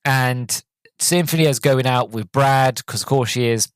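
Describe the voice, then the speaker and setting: Casting: chatty male podcaster, rambly and excited, mid-pitched voice, dry close mic. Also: takes it slowly, clean tone, dry recording. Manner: rambling, enthusiastic, many fillers. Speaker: podcast host. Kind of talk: casual movie recap.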